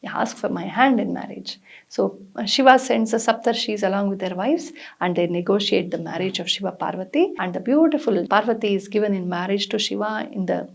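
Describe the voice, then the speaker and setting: A woman telling a mythological story in a lively, expressive manner with frequent fillers. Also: medium pitch, fairly quick, creaky.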